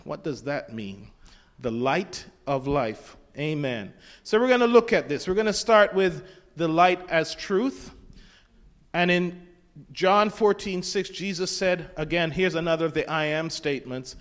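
A man's voice: fairly high pitch, lively intonation, takes it slowly, a bit bright. A man preaching a sermon, quoting scripture in old-fashioned wording and putting questions to his congregation. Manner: quotes scripture in King James wording, asks the congregation questions. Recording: long reverb of a hall.

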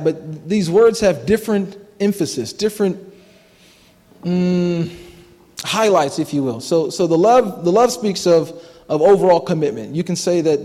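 A man's voice: high-pitched, expressive, normal speed, dark tone. A man in his thirties giving a personal testimony in church, conversational and self-deprecating, laughing often and restarting his sentences. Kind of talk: sermon testimony. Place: church hall. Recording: long hall reverb.

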